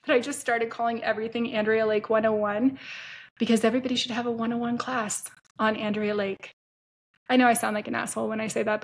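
A woman hosting her own podcast as an entrepreneur, talking candidly and casually and swearing freely. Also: on the high side. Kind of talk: solo podcast monologue.

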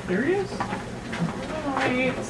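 A woman's voice: sits high, big pitch swings, takes it slowly. A woman talking in a soothing, chatty way in casual conversation. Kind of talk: casual chat. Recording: distant, echoey and noisy.

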